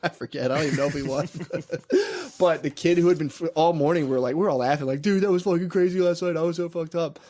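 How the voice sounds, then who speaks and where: A man's voice: a little high, fast, hardly any pauses, darkish tone. A young man co-hosting a podcast, telling rambling, profane stories in casual chat and laughing often. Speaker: podcast co-host.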